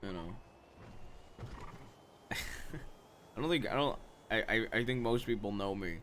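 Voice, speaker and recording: A relaxed man talks in character during a role-play game, boasting in a dry, offhand way. His voice is bright and forward, with a faint hiss of noise behind it. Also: fairly low pitch, takes it slowly. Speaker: streamer role-playing a character.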